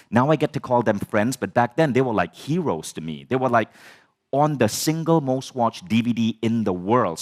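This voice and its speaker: A man telling a personal story as a personal growth speaker, animated, swearing and acting out the dialogue. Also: fairly low pitch. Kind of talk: storytelling talk.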